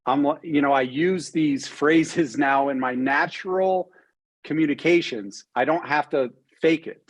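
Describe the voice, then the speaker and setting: A man's voice: a little high, unhurried, no echo, low-quality recording. Male host, eager and chatty, casual interview on a video call, dry sound. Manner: enthusiastic, with frequent restarts and fillers. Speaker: podcast host. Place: cabin home in Utah.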